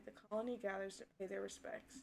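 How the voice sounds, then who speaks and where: A woman's voice: mid-range voice, flat delivery, fast talker, gravelly, slight background noise. Woman streamer reading game text aloud. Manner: reads narration steadily, then breaks off with loud distressed outbursts and swearing.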